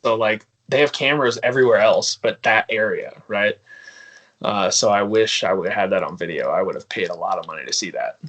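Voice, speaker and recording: A man's voice: on the low side, a little fast, fairly bright tone. A man chatting casually as a podcast guest, telling prank stories with lots of laughter and acting out the other people's lines. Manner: laughing, storytelling, acts out quoted voices.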